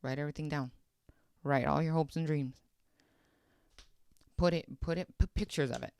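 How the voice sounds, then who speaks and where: A man's voice: on the high side, fairly even intonation, normal speed, creaky, a little mellow, clear, resonant tone, no room sound, clean studio sound. A man hosting a podcast, giving casual, blunt motivational talk, swearing and repeating himself for emphasis. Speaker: podcast host.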